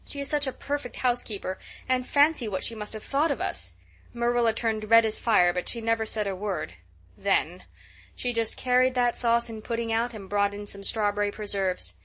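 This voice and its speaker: A woman's voice: fairly high pitch, moderate pace, a bit bright, close to an everyday voice. A woman reading as a gushing, dramatic young girl. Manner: gushing, breathless storytelling. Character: chatty imaginative young girl, dramatic and excitable. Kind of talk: audiobook character reading.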